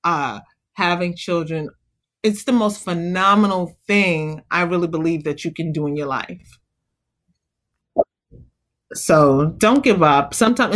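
A woman guest in an interview, speaking earnestly and encouragingly about being a mother, growing animated as she tells stories. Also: on the low side. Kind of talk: conversational interview.

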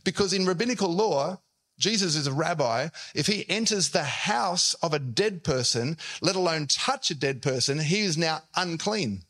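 A man's voice: fairly high pitch, expressive, moderate pace, fairly bright tone. A man preaching a sermon as pastor, telling the story and acting out the quotes in shifting voices.

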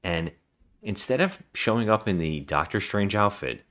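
Man, very low voice, casual movie recap, silly impressions, podcast co-host. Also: animated, moderate pace, a bit bright. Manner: recaps plots with goofy mock voices. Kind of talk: casual film review chat.

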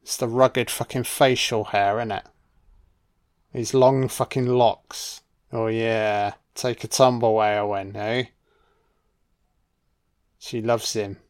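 A man's voice: on the low side, steady tone, slow, smooth. A man giving a casual, jokey, sweary film commentary. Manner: laid-back, sweary, jokey.

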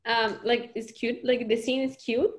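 A woman's voice: a little high, level tone, moderate pace. A young woman co-hosting a podcast, casually recapping a TV episode in a rambling way, full of "like" and giggles. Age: young adult. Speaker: podcast co-host. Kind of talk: casual chat.

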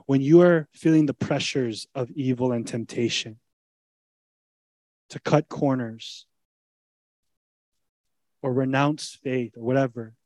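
A pastor preaching a sermon in an earnest, emphatic, conversational way. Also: male voice, medium pitch, takes it slowly, pauses often, a little mellow, dry recording.

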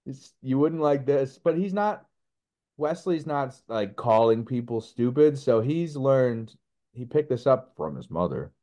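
A man co-hosting a podcast, chatting casually with quick reactions and easy laughter. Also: mid-range voice, animated, mellow. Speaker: podcast co-host. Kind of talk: casual chat.

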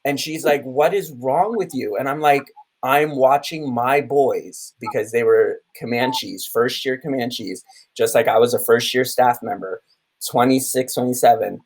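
A man's voice: mid-range voice, unhurried, low-quality recording. Man in his thirties telling stories. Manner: animated storytelling with many restarts and acted quotes. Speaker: camp theater director. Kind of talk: podcast conversation.

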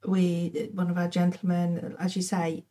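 A woman, a charity head, speaking as a podcast guest in a measured way full of "you know" and hesitations. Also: fairly low pitch, completely flat delivery, warm tone. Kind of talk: casual conversational interview.

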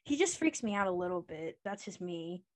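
A woman's voice: fairly low pitch, big pitch swings, normal speed, a little mellow. A woman co-hosting a podcast in casual chat, opinionated and rambling, laughing often. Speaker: podcast co-host.

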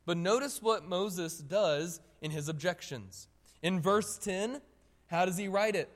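A high-voiced man preaches a sermon with animated emphasis, calling on the congregation to look and answer. His voice rings out with a long reverb in the church hall. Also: unhurried.

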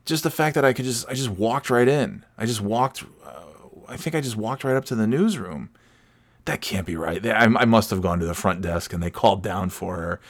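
A man's voice: fairly low pitch, animated, brisk. A man telling a casual personal story, rambling with many restarts and swearing freely with self-mocking humor.

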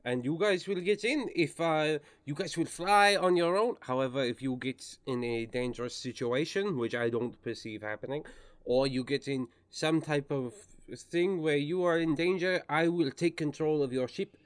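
Man doing a chirpy pilot-teacher voice, raised pitch, hammy half-French half-German accent, stiff formal phrasing. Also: clean tone, no room sound, close to an everyday voice. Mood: cheery. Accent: exaggerated, wobbly comic French-German accent. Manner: halting, many "uh"s, formal phrasing. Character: upbeat, overly cheerful male flight instructor.

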